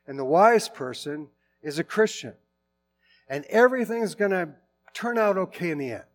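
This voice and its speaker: A middle-aged man delivers a sermon in an easy, conversational way rather than a formal one. His voice sits a little high for a man. He often trips into restarts and corrects himself mid-thought, and soft music plays faintly behind him. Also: expressive, normal speed. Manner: informal, with frequent restarts and self-corrections. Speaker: pastor.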